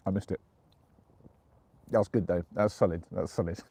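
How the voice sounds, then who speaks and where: An English man chatting casually on a live stream from the dark woods at night, giggling as he reads out viewer jokes. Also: deep voice, fairly even intonation, moderate pace, creaky, breathy edge. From England.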